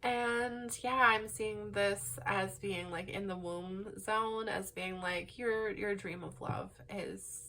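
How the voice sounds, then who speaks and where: A young woman doing a casual pick-a-card tarot reading, rambling and excitable with many "like"s and "um"s. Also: mid-range voice, slow pace, hardly any pauses, a little hiss or hum. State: laugh-crying. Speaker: tarot reader.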